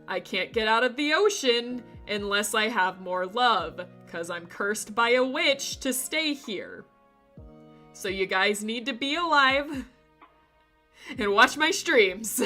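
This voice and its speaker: Female streamer, casual chat; bright, slightly high voice, quick to laugh, soft music underneath. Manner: giggly, laughs often between remarks; playful, rambling storyteller.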